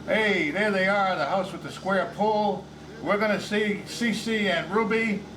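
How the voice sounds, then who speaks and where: A man's voice: sits high, unhurried, recorded from a distance, a crowd in the background, rough recording. An older man giving a jokey, chatty narration of a small-plane flight over his town. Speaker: show segment narrator.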